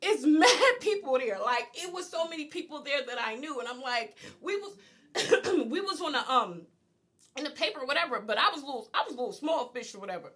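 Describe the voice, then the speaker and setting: A woman's voice: high voice, expressive, fairly quick, a bit bright. A young woman telling a candid, profane story to camera in a storytime vlog, often laughing as she talks.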